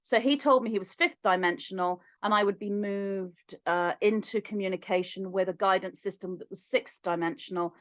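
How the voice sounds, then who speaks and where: A woman as a podcast guest, telling a personal story in an animated way and acting out remembered dialogue. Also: mid-range voice, normal speed, hardly any pauses, no echo. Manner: animated, acts out remembered dialogue with lively shifts in voice.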